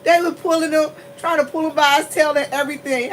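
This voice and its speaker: A woman telling a story to her viewers in a casual, animated way. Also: fast, a little hiss or hum, poor audio. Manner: animated, laughing often, shifts into high squeals. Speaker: vlogger.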